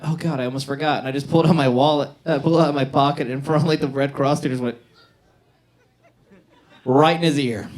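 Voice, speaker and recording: A man telling a rambling stand-up story, full of fillers, on a bar stage. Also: mid-range voice. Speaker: stand-up comedian. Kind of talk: stand-up comedy set. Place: comedy bar stage, live audience.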